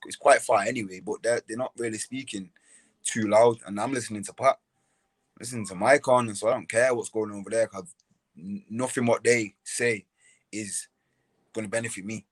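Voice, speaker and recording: A man's voice: lowish voice, slightly rough, dry recording. A young man, a boxer, talking casually as a podcast guest, often repeating words and restarting his sentences. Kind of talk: casual interview talk.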